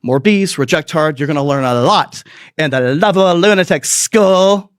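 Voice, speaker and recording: A man's voice: fairly high pitch, lively intonation, normal speed, smooth, no room sound, clean studio sound. A man hosting a comedy podcast, telling crude, rambling stories in a profane, self-mocking way and laughing at his own jokes. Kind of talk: crude comic storytelling monologue.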